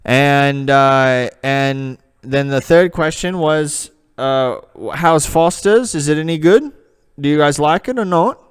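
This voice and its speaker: A man's voice: fairly high pitch, slow pace, clear, resonant tone. A man voicing a rambling young man from the Australian outback with a put-on Australian accent, hesitant and full of fillers, in a comedy character vlog.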